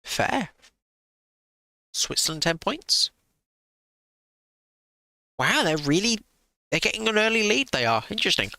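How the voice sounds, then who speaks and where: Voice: medium pitch, sing-song, unhurried, gravelly, pauses often, pushed and bright, no room sound. A streamer giving sarcastic live reaction commentary into a close desk mic, swearing freely.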